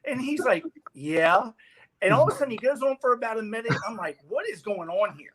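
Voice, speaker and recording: A man, a guest on a talk show, telling an animated story and acting out the people in it. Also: sits high, a little fast. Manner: lively, laughing, acts out the people in his story. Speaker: guest sponsor representative.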